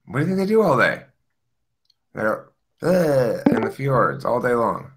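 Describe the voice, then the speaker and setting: A man's voice: mid-range voice, very animated, measured pace, breathy edge. Guy goofing around in a group chat, sarcastic fake-expert bit, voice bouncing all over. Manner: mock-expert, sarcastic teasing. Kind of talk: casual joking chat.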